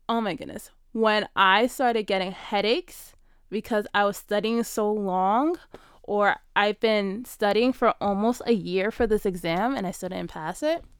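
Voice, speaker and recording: A young woman vlogger telling a personal story in a casual, animated way, often saying "like". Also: medium pitch, clear, resonant tone, no echo, clean studio sound. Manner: animated, acts out quoted dialogue, frequent "like".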